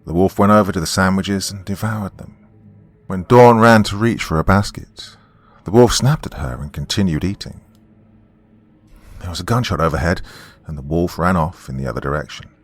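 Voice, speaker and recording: Deep-voiced man narrating horror. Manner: measured storytelling. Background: faint music.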